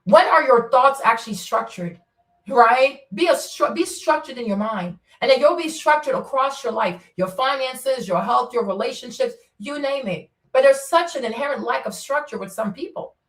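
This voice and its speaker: A woman's voice: high voice, lively intonation, moderate pace. A middle-aged woman hosting a solo commentary, talking in an emphatic, repetitive, lecturing way. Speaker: commentary show host. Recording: echoey room, mic at a distance.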